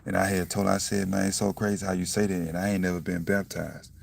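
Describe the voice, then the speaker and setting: A young man with a low, gravelly voice talks about faith in a loose, blunt way, swears freely and keeps checking in with "you see what I'm saying." He bursts into loud laughs now and then. The sound is dry and comes from a little way off the mic. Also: level tone, quick pace, far from the mic. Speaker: self-styled preacher vlogger. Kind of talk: casual spiritual monologue.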